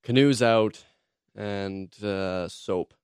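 A man's voice: on the low side, very slow, clean tone, no echo. A man running the board at a radio studio, chiming in with dry short quips. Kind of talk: casual studio banter.

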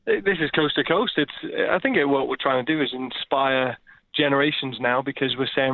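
A man's voice: mid-range voice, fairly quick, no room sound. Chatty man on a tinny phone line. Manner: chatty, laughs easily, many fillers. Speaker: soccer coach. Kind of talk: phone interview.

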